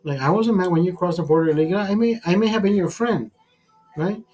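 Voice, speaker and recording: A man's voice: high voice, fast talker, a little mellow, faint music behind, low-quality recording. Tipsy man ranting with profanity. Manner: rambling, profane, repeats and restarts words. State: tipsy from drinking. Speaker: livestream host. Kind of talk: casual drinking livestream rant.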